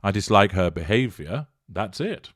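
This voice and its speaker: Low-ish british guy reading out comments and mocking them, swoopy voice, dry close sound. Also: big pitch swings, fairly bright tone, breathy edge, dry recording. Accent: British English. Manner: sardonic, mocking, deliberate and measured. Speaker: channel host reading viewer comments.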